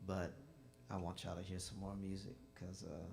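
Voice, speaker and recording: A man hosting a live jazz show, telling an animated story between songs and acting out the dialogue. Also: deep voice, moderate pace, gravelly. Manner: animated, acts out dialogue with lively voices. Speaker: bandleader and host of a jazz concert. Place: music venue stage. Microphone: stage microphone.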